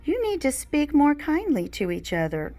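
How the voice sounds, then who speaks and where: A woman voicing a young schoolteacher in a read-aloud storybook, calm, kindly and firm. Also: sits high, normal speed, voice pushed up, full character voice. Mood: patient.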